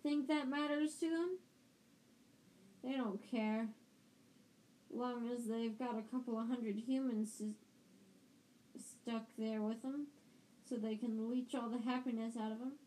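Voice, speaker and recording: A woman voicing a gloomy, tearful giant gamekeeper man in a storybook reading, speaking slowly and heavily in a fairly high voice. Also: steady tone, dark tone, a little hiss or hum, poor audio. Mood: mournful.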